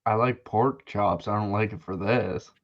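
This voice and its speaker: A man's voice: lowish voice, a little slow, highs cut off. A young man co-hosting a podcast, chatting casually with laid-back, rambling asides. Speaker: podcast co-host. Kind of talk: casual chat.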